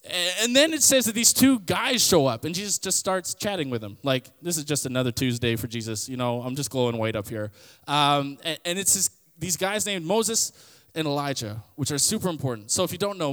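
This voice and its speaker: A man's voice: fairly high pitch, a bit bright, long reverb tail. A male podcast host giving a casual Bible teaching, telling stories and retelling scripture in everyday slang. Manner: conversational, storytelling, paraphrases scripture in everyday slang.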